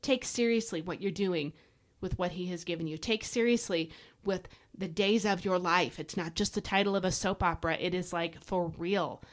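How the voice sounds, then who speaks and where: A woman's voice: lowish voice, normal speed. A woman hosts a devotional podcast and teaches from scripture with real fervor. She speaks in an exhorting, preachy style, pressing her listeners directly. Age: adult parent. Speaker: podcast host.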